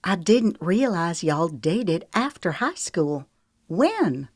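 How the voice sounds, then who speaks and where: A woman voicing a hopeful young woman trying gently to persuade her brother and friend. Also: fairly low pitch, big pitch swings, slow pace, dry recording, clean studio sound, full character voice. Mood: soothing. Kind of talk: audiobook character reading.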